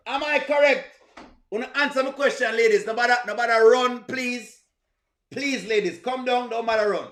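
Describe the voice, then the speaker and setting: A man's voice: very high voice, normal speed, fairly bright tone. A man with a Jamaican accent hosting a live reaction stream, teasing and greeting viewers in the chat. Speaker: livestream host. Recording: echoey room.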